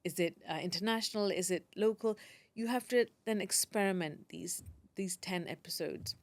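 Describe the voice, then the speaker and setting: A woman at an ordinary pitch talks chattily as a podcast guest. She gives advice in a lively, emphatic way and circles back over her own phrases. The recording is dry and close, with no room sound. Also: normal speed, dry recording. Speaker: podcaster and teacher. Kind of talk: casual interview chat.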